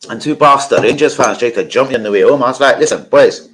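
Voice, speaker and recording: A man's voice: mid-range voice, fast, a bit bright. A man hosting a live football watch-along, chatting casually, rambling off-topic and swearing freely while talking to his viewers. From London.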